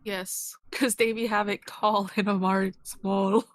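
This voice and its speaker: A woman in a loose stream conversation, tossing off playful, dry asides in a mid-range voice. Her delivery is easy and unhurried. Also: mid-range voice, flat delivery. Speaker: guest co-streamer. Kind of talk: casual chat.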